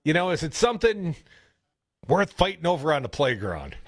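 A man with a Wisconsin accent hosting a radio show, telling rambling stories in a casual, animated way. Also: fairly high pitch, moderate pace, dry recording. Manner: chatty, rambling storyteller, animated. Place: radio studio. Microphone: studio broadcast mic.

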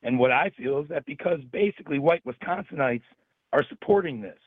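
A man calling in to a talk radio show, his voice hoarse and worn out, making a long point. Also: fairly high pitch, animated, brisk, no echo. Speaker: caller. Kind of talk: call-in comment on talk radio. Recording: phone line.

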